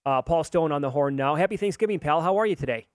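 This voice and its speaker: A man hosting a sports betting talk show, teasing his co-host in quick banter. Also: on the high side, lively intonation, dry recording.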